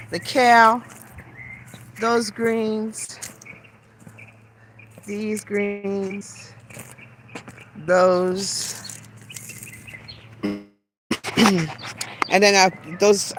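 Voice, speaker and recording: A woman's voice: fairly low pitch, slight background noise. A woman hosting her first live stream, walking through her backyard garden, greeting viewers by name in a chatty, self-deprecating way. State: out of breath while walking. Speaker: garden channel host.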